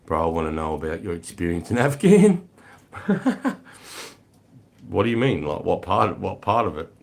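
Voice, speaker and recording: An Australian man hosting a casual livestream, greeting viewers and chatting with a relaxed, swearing, matey manner. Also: sits low, fairly quick, creaky. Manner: swears freely, laid-back, greets chatters as mate and brother. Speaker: livestream host. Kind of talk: casual livestream chat reading comments.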